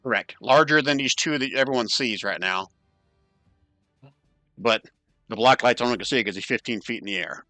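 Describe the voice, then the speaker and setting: A man running an online tabletop game as dungeon master, counting moves aloud and tossing in quick asides. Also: mid-range voice, bright, forceful tone, no echo, faint music behind.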